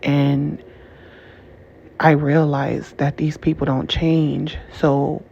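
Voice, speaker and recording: A woman speaks to her viewers in a heated, emotional monologue, repeating herself and breaking off mid-sentence. Her voice stays level and flat in tone. The recording is dull and lo-fi with a faint hiss behind it. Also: deep voice, extremely slow, vocal fry. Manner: angry, repetitive, restarts often, curses. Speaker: channel host.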